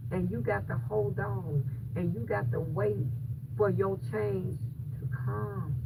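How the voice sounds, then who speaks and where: A woman's voice: medium pitch, vocal fry. A woman vlogger talking casually to her viewers about faith. She speaks in an emphatic, preachy way and repeats phrases for stress. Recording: distant mic with loud background noise.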